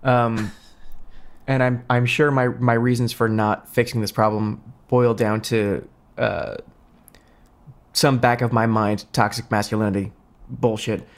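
A man co-hosting a comedy podcast, talking in a halting, dry way full of uh and um. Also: mid-range voice, flat delivery. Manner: hesitant, lots of filler words, dry. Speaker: podcast co-host. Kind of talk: casual comedic chat.

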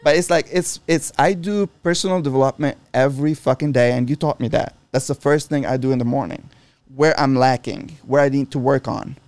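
A man's voice: mid-range voice, a little fast, darkish tone, dry recording. A middle-aged man in casual chat, talking bluntly with lots of swearing and restarts. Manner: blunt and profane, frequent restarts.

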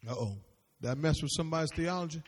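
A man preaching a sermon as pastor, calling out questions for the congregation to answer and sometimes shouting. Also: on the high side, quick pace, breathy edge. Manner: preachy call-and-response, rising to shouts. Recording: long reverb of a large hall.

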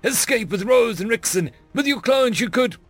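A gruff, self-sacrificing warrior in an audiobook, shouting orders in a raised, higher-pitched voice, as a man puts him on. The sound is close and dry. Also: animated, normal speed, no room sound, soft background music, exaggerated voice. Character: strong male fighter, gruff and self-sacrificing.

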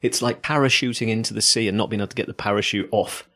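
Brief: low husky guy, chatty surf podcast co-host. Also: steady tone, quick pace, sharp tone. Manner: rambling, playful storytelling. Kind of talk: casual chat.

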